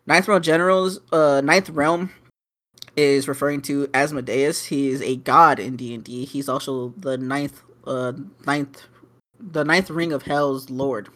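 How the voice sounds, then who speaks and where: A man's voice: fairly high pitch, a bit bright. Rambling, swearing young man on a podcast. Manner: rambling, profane, with fillers and restarts. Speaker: podcast co-host. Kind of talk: casual chat.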